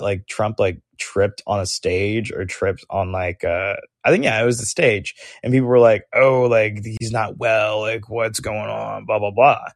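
A man's voice: fairly low pitch, no echo, studio quality. Sarcastic young man ranting on a podcast. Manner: animated, sarcastic, heavy use of "like" and "um". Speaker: podcast host. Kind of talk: political opinion commentary.

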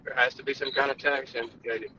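A man's voice: mid-range voice, flat delivery, fast, pushed and bright, muffled recording, slight background noise. A man running for office, arguing bluntly and emphatically in a call-in podcast debate. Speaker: political candidate.

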